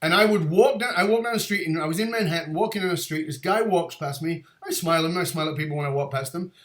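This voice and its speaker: A man in his fifties hosting an interview show, a lively storyteller who laughs often. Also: fairly high pitch, fast talker. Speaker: podcast host. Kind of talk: casual interview chat. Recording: roomy echo.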